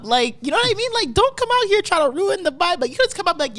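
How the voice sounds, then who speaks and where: A woman with a high voice that swoops up and down as she talks, chatting on a podcast. She tells her stories casually and acts out the voices of the people in them. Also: fast talker, hardly any pauses. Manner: animated storyteller, acts out quotes. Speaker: podcast co-host. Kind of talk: casual chat.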